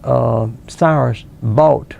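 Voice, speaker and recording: An older man from South Carolina, a local author and historian answering interview questions slowly, with many pauses and restarts. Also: medium pitch, a little mellow, dull audio. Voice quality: gravelly.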